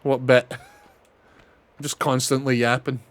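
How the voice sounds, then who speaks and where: A man's voice: medium pitch, flat delivery, slow. A young man giving casual, chatty commentary on a game he is playing, swearing and laughing often. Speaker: streamer.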